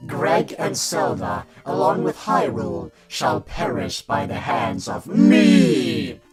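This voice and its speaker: A man voicing a demonic, eyeless male Link who bleeds from his eyes, with a deep growling voice and slow, booming threats. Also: wildly swooping pitch, loud music behind the voice, full character voice. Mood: menacing.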